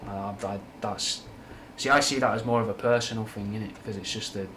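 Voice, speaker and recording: Mancunian man chatting loosely, low voice. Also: fairly even intonation, a little fast, a bit bright, slight background noise. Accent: Mancunian with a slight Scouse twang. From Manchester, England. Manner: rambling, frank and swearing, with British slang. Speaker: livestream host answering chat. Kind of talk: casual livestream chat.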